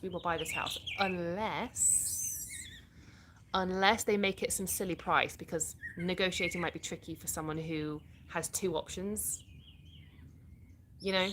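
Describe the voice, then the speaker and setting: A woman's voice: lowish voice, noisy background. A British woman from the UK hosting a casual livestream, reading out viewer comments and answering them in a chatty way. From United Kingdom.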